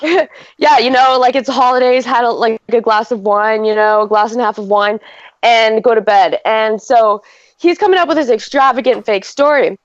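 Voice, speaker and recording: A Canadian woman in her thirties, co-hosting a casual podcast chat, tells a rambling story at a moderate pace, her voice sitting a little high. She piles on fillers and acts out quoted lines. The audio is dry, slightly dull, and echo-free, like a lo-fi podcast mic.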